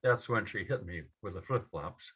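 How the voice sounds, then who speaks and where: A man telling a personal story to a live audience, slowly and in short measured phrases. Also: low voice, fairly bright tone, husky. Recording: dull lo-fi event recording.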